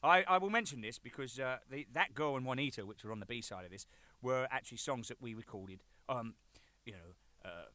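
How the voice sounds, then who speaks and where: A man's voice: medium pitch, expressive, a little fast, sharp tone, dry recording. A man in his thirties telling cheeky, rambling anecdotes as a band drummer, with lots of swearing. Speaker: band drummer presenting a record. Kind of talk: jokey rambling monologue.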